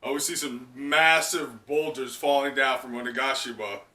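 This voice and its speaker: A man's voice: mid-range voice, fairly even intonation, normal speed, bright, forceful tone. A man hosting a live comic reaction, talking casually with laughs and many fillers. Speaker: host. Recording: echoey room, distant mic.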